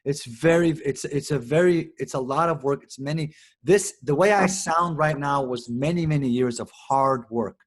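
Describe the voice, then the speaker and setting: A man's voice: on the high side, normal speed. A man from Israel, a native Hebrew speaker, talking animatedly as an actor and director being interviewed, often restarting his sentences. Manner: animated, expressive, many restarts. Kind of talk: casual interview conversation.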